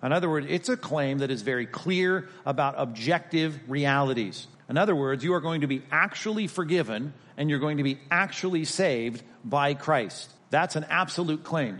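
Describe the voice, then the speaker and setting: A man's voice: mid-range voice, animated, fairly quick, hardly any pauses, fairly bright tone. Emphatic male Bible teacher in a reverberant hall. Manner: emphatic, repetitive, reasoning step by step. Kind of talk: recorded teaching lecture.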